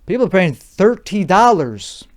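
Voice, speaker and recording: A man's voice: high voice, very animated, measured pace. A man with a put-on Chicago accent, overtired and sleep-deprived, hosting a rambling solo podcast monologue, profane and argumentative, repeating himself. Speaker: podcast host.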